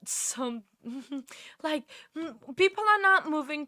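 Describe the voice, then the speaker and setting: A woman's voice: high voice, animated, very slow, sharp tone, no echo, clean studio sound. A woman hosting a true crime livestream, chatting casually with viewers and thanking them effusively between frequent laughs. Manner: effusive, often laughing, easily distracted.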